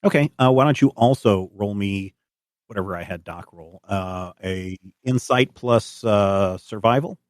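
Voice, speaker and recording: A man narrating as game master of a tabletop game, relaxed and descriptive. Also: on the low side, a little slow, no echo, clean studio sound.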